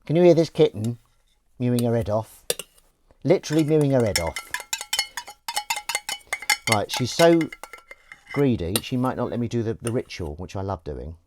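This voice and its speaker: A man hosts a laid-back livestream, rambling through jokes and false starts as he pokes fun at himself. His voice swoops up and down with lively intonation. A faint hiss sits behind him. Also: mid-range voice, moderate pace, long pauses. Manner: rambling, jokey and self-mocking, with false starts and wordplay. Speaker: livestream host. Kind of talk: casual livestream chat while washing up.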